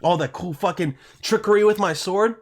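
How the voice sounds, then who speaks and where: A man from Europe rambles through a casual podcast monologue. He swears constantly and trips over his own sentences. His voice sits somewhat high for a man. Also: moderate pace. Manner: rambling, crude, swears constantly, self-interrupting. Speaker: podcast host.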